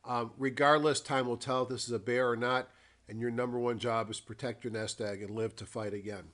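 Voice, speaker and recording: Unhurried man reviewing the market. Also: medium pitch, fairly even intonation, a bit bright. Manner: unhurried, thinking aloud with frequent ums and pauses; reads a formal disclaimer. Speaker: trader giving a weekly market review. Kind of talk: dictated screen-share market commentary.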